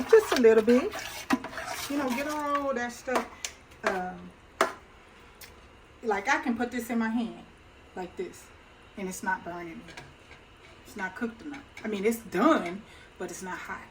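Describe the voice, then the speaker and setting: With lively intonation and a measured pace broken by long pauses, this home cook and channel host talks in a chatty, folksy manner while demonstrating a dish at her stove. She's middle-aged, mid-range in pitch, laughs easily, and the background is noisy.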